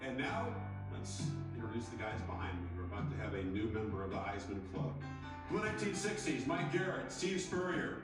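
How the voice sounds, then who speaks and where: A man presenting an award ceremony, announcing names in a measured, formal way. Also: medium pitch, animated. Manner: measured, declaiming list of names. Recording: echoey hall from far off, loud music under.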